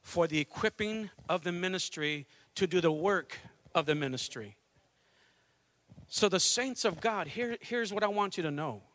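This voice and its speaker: A middle-aged pastor preaching a fervent sermon, mixing calls to worship with a conversational family story. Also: male voice, high voice, animated, normal speed, fairly bright tone. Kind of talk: Pentecostal sermon.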